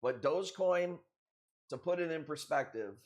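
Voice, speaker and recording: This man also runs a live coral sale stream, bantering with his viewers in a crude, playful way punctuated by frequent laughter. He sounds a little high and animated, speaking at a normal speed.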